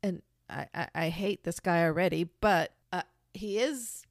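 A woman listening to a crime story and reacting with quick questions and interjections. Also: fairly low pitch, no room sound, clean studio sound. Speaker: co-host listener. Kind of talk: casual chat.

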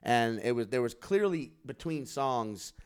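A man in his forties telling stories in casual podcast chat, animated and profane, acting out quotes in loud bursts. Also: medium pitch, measured pace, clear, resonant tone. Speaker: podcast co-host.

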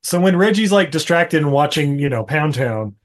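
A man's voice: a little high, lively intonation, normal speed. A man co-hosting a podcast, recapping a movie in a rambling, profane way full of fillers and laughter. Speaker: podcast co-host. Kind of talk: casual movie recap chat.

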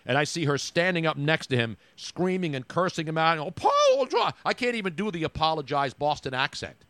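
Animated man rambling on a sports podcast. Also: fairly high pitch, a little fast, no room sound. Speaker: podcast co-host. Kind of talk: casual sports chat.

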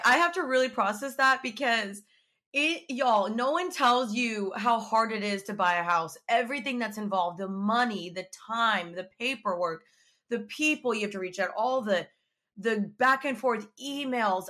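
A woman in her twenties talks into a podcast microphone with a bright, clear tone. She chats casually and tells her stories in an animated, talkative way. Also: mid-range voice. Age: 20s. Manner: chatty, animated storytelling. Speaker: podcast host. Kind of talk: casual chat.

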